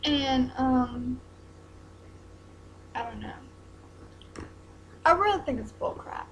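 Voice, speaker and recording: A young woman, talking haltingly in a personal vlog while close to tears. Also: sits high, lively intonation, lo-fi sound, slight background noise. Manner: hesitant, halting, many ums and restarts.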